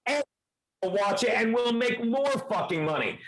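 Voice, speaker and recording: A man's voice: very high-pitched, lively intonation, fairly quick, low-quality recording. A man cohosting a casual podcast, talking in a brash, profane, mocking way.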